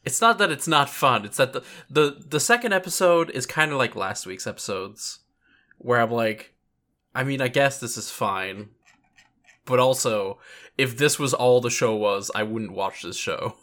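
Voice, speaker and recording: A man's voice: mid-range voice, a little slow, sharp tone. A man co-hosting a podcast in laid-back, wry casual chat. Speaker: podcast co-host.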